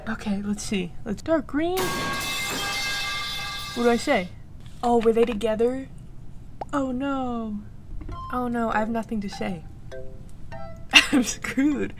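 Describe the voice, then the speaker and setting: A young woman giving chatty, excitable commentary while playing a game, often giggling. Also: on the high side, slow, pauses often. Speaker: gaming streamer. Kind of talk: casual gameplay commentary. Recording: clear music behind voice. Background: game music.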